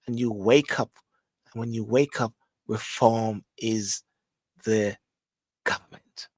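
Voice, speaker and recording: A man's voice: lowish voice, fairly even intonation, a little slow, long pauses, no room sound. A man who grew up in Jamaica, with a Jamaican accent, hosting a show with a casual, rambling monologue full of restarts and repetition. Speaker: host. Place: London.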